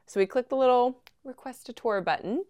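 A young woman hosting a podcast, telling a personal story at home in a chatty, animated way and laughing often. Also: fairly high pitch, brisk, dry recording, clean studio sound. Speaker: podcast host. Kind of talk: casual storytelling.

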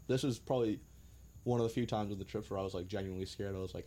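A man's voice: low voice, steady tone, fast, mellow, a little hiss or hum. A young American man telling travel stories in a laid-back, joking way, with some swearing. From United States. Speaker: guest. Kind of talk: casual storytelling.

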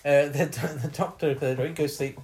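A man's voice: fairly high pitch, fairly even intonation, moderate pace, darkish tone. A young man telling a bawdy story on a casual podcast, laughing often as he acts out what people said.

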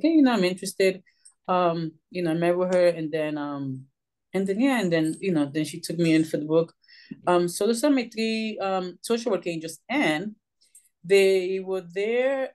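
A woman's voice: fairly low pitch, darkish tone. Chatty woman guest, lots of fillers. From Puerto Rico. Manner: chatty, many fillers like "you know" and "um". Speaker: podcast guest, social worker. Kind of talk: casual storytelling.

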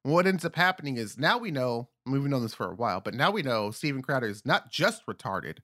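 A man's voice: medium pitch, big pitch swings, sharp tone. Guy rambling on a podcast, lots of swearing, keeps restarting his sentences. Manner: rambling, profane, halting restarts. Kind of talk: casual chat.

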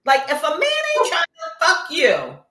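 A woman's voice: high-pitched, wildly swooping pitch, measured pace, fairly bright tone, echoey room. A woman co-hosting a podcast who recaps a reality show in casual chat, blunt and emphatic and swearing freely. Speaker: podcast co-host.

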